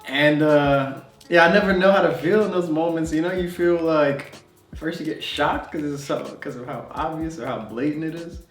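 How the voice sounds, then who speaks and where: A man's voice: on the high side, normal speed. A young man telling a travel story to camera in a loose, conversational way, with fillers and laughs. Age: young adult. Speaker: travel vlogger. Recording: roomy sound, distant mic, faint music.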